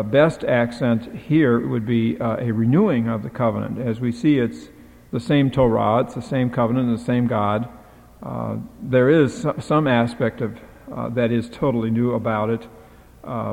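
A man teaching a Bible passage as a lecture, explaining Hebrew grammar in a halting way with frequent filler sounds. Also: mid-range voice, vocal fry. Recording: dull lo-fi sound in a reverberant hall.

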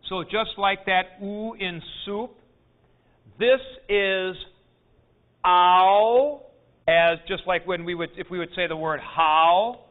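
A man teaching a Greek class, explaining pronunciation in a deliberate lecture and clearing his throat often. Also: high-pitched, flat delivery. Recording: tinny phone-like lo-fi recording.

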